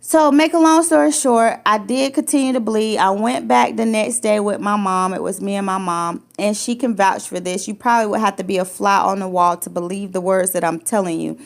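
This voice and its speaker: A woman with a gravelly, creaky edge tells a raw personal story in an unscripted, conversational way. She stumbles and restarts her sentences often. She voices the other people in the story as she goes. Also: medium pitch, fairly even intonation, fairly quick, few pauses. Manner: emotional, repetitive restarts, acts out quoted lines. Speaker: podcast host sharing her story. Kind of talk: personal testimony, casual chat.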